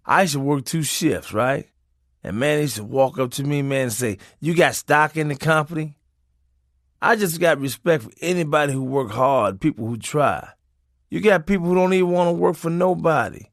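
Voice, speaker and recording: A man narrating a comic memoir in a profane, preachy way, swinging his pitch for emphasis. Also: animated, brisk, no echo, clean studio sound.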